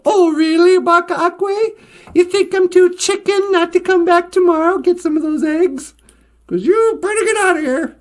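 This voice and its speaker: Brief: sly, boastful storybook fox with a gravelly edge, played by a woman. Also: very high voice, very animated, a little slow, a little mellow, exaggerated voice. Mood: taunting. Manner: cocky, teasing. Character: sly male fox, boastful egg thief.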